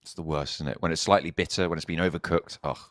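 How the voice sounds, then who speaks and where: A man doing live play-by-play for an esports match, calling the action in rapid bursts and laughing easily with his co-caster. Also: rumbling low, steady tone, a bit bright, no echo, clean studio sound.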